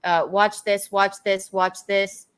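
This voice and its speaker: A woman's voice: mid-range voice, flat delivery, slow, a crowd in the background. Joking woman co-host, sarcastic banter. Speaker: podcast co-host. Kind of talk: casual chat.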